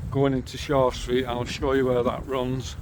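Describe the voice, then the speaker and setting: With background noise behind him, a middle-aged man from St Helens, England, speaks in a mid-range monotone at a moderate pace. Walking by canals and an old railway line with a handheld camera, he gives a casual, chatty tour, upbeat about the local sights.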